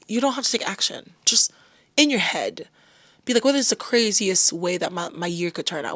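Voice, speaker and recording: Young woman host, casual pep talk, lively swings, dry close mic. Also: mid-range voice, no echo. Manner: animated, breaks into loud excited bursts. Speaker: podcast host.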